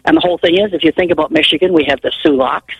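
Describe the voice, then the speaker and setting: Husky older woman calling in. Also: low voice, very fast, no echo, muffled recording. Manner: chatty, rambling storyteller. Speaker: caller. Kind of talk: call-in radio chat.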